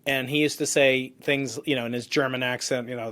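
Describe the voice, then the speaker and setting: A middle-pitched man in his fifties hosts a science interview, musing aloud and circling his questions with restarts and filler phrases. His pitch sits in an ordinary range. The delivery is loose and conversational. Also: steady tone, a little fast, few pauses, sharp tone. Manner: rambling, restarts, many "you know"s. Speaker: podcast host, physicist.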